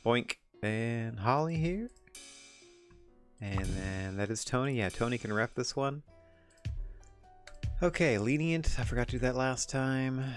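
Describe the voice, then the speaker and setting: A man's voice: medium pitch, lively intonation, unhurried, pauses often, soft background music. A man streaming a wrestling management game, chatting casually in a rambling, self-deprecating way. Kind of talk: casual gameplay commentary.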